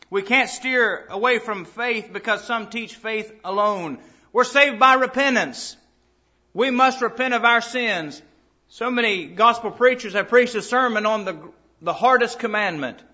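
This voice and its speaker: A man's voice: high-pitched, normal speed, bright, forceful tone, highs cut off. A man preaching a sermon to a church assembly, emphatic and quoting scripture in old-fashioned wording.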